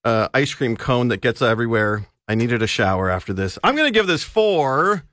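An easygoing man chatting about films and television on a radio program. His voice sits at an ordinary middle pitch and sounds close and dry in the studio, with a loose, laughing delivery. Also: animated, normal speed, fairly bright tone, no room sound. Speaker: entertainment reviewer. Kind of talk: casual radio chat.

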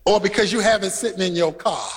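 A man preaching an emphatic sermon, often shouting lines, joking with the congregation and telling stories. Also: sits high, fast talker, background noise. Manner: banters with the congregation and tells stories. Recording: live sermon with long hall reverb.

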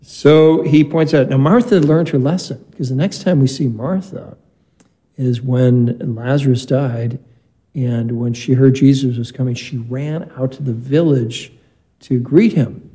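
A man's voice: medium pitch, unhurried, warm tone, low-quality recording. A man, a priest, reading the Gospel and giving a conversational homily with stories in a church. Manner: conversational preaching with anecdotes. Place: church or chapel.

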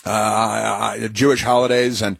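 A man hosts a talk radio show with a husky voice in a dry, close-miked sound. He talks in a sarcastic, mocking way and keeps stumbling over fillers and restarts as he reacts to the clips he plays. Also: lowish voice, little pitch movement, measured pace, fairly bright tone, dry recording. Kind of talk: opinionated talk radio monologue.

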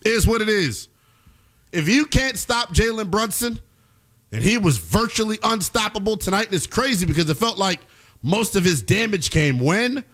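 A man hosts a basketball commentary show in a high, lively voice. He talks emphatically, breaking into loud bursts and then rattling off quick asides. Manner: emphatic, swings between loud outbursts and fast asides. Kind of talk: animated sports commentary.

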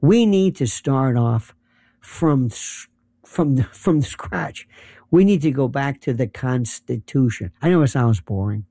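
A man's voice: mid-range voice, unhurried, warm tone, no room sound. A man delivering a political commentary monologue, rattling off lists of issues with sarcastic asides.

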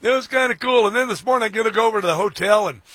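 A middle-aged man hosting talk radio, excitable and mocking, with many fillers and restarts. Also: high-pitched, rapid-fire, no echo. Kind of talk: opinionated talk radio monologue.

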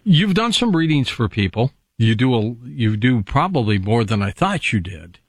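A man hosts a call-in radio program and keeps the calls moving in a brisk, conversational way. His pitch sits in the middle range. The studio sound is close and dry. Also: big pitch swings, no echo. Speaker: radio talk show host.

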